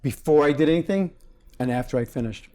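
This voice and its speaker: A man in his forties speaks as a dentist guest in a casual interview, with a warm, mellow tone. He explains things plainly and slips into little acted-out quotes of patients and staff, like an animated storyteller. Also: fairly high pitch, fast.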